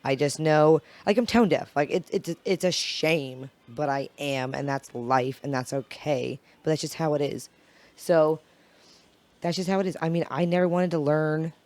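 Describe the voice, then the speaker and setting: Raspy-voiced woman chatting loosely. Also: low-pitched, steady tone, normal speed, a little mellow. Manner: loose, rambling and profane. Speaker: podcast guest. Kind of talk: casual podcast chat.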